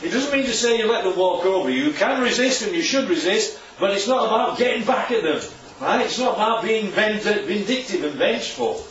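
A man preaching a sermon from a distance, his voice bouncing around an echoey room. He talks in a loose, conversational way, often tossing out rhetorical questions. His pitch sits a little high and swings widely. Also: animated, a little fast, hardly any pauses, a bit bright, muffled recording, slight background noise.

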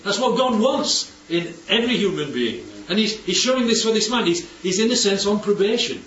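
A man leading a Bible study group. He speaks in an animated teaching manner and often checks for agreement. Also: sits high, a little fast, few pauses, a little hiss or hum. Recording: roomy, distant, dull recording with faint background ambience.

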